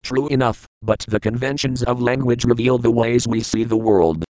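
A man reading the lines of a calm, blunt old male spiritual mentor in an audiobook, firm and patient in a lecturing way. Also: medium pitch, moderate pace, no room sound, close to an everyday voice, poor audio. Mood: firm teaching.

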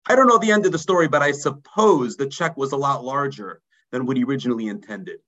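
A man, a rabbi telling a story in a mussar sermon, dropping low and quiet for emphasis. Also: animated, fast talker, rough recording. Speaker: rabbi teaching a mussar class.

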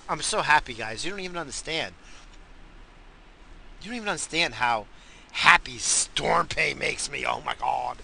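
A man hosting a casual rambling monologue, swinging from loud hyped shouts to low muttering, swearing often and coughing now and then. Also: creaky, slight background noise. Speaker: podcast host.

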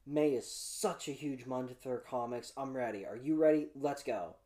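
Casual young male vlog host, mellow warm tone, loose rambling delivery. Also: mid-range voice, moderate pace. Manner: chatty, rambling, many fillers and restarts. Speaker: comic preview host.

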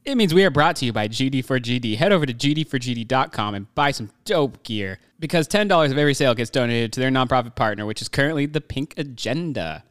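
Guy hosting a podcast, smooth clear voice, dry sound, jokey. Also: medium pitch, lively intonation, fast talker, few pauses, fairly bright tone, dry recording. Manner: upbeat, joking. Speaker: podcast host. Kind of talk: casual chat.

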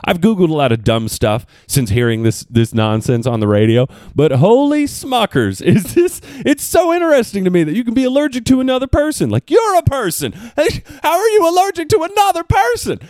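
A man from the hosting a podcast, riffing in a comedic monologue and swooping into high mock voices. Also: very animated, fairly quick, hardly any pauses, darkish tone, no echo, clean studio sound. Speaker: podcast host.

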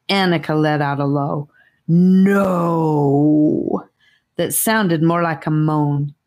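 A woman narrates a fantasy adventure chapter aloud with steady expression. Her voice sits low and her reading unfolds slowly and carefully. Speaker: audiobook reader. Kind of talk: audiobook narration.

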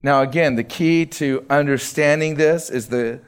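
A man's voice: a little high, measured pace, clean tone. A middle-aged man preaching a sermon as pastor, earnest, building emphasis through repeated phrases.

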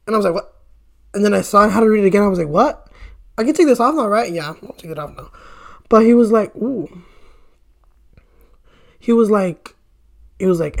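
A man's voice: sits high, animated, brisk, gravelly, long pauses. A young man vlogging casually, telling a rambling dating story while doing his makeup, peppered with swearing and "bro". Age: young adult.

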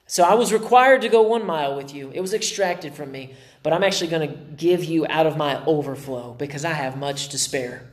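A male pastor delivers a conversational sermon in a fairly high voice. He slips into quick voices for the people in his stories. The room around him is noticeably echoey. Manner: conversational, acts out quoted voices.

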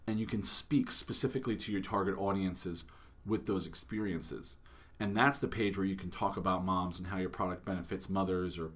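A man in his thirties with a lowish voice chats casually on a podcast about marketing tips. He talks loosely, full of fillers and restarts. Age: 30s. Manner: chatty, lots of fillers and restarts. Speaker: podcast host.

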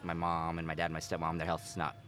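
A middle-aged American man from Utah, a guest chatting casually in a relaxed, rambling way with many fillers. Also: low-pitched, fast. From Utah, United States. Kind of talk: casual conversation.

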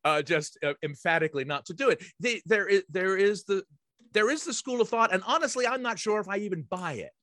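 A man's voice: sits high, animated, a little fast, a bit bright, no echo, clean studio sound. A man guesting on a podcast, talking about theatre in an emphatic, wry way, full of fillers and restarts. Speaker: guest, theatre director and writer. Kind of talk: casual podcast conversation.

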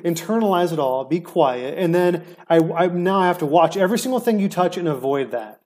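A man's voice: high-pitched, animated, a little fast, hardly any pauses, a little mellow. A man in casual argumentative banter on a call, defensive and sarcastic, full of stammered restarts. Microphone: remote call mic.

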